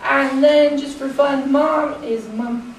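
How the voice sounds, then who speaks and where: An American woman teaching English, giving a slow, deliberate classroom presentation and laughing lightly between points. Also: sits high, steady tone, heavy reverb, far from the mic, slight background noise, low-quality recording. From United States.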